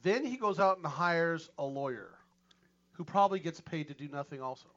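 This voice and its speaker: A man's voice: on the high side, animated, normal speed, a bit bright, highs cut off. A man co-hosting a legal radio talk show, talking in a blunt, wry way. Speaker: co-host. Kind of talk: casual panel chat.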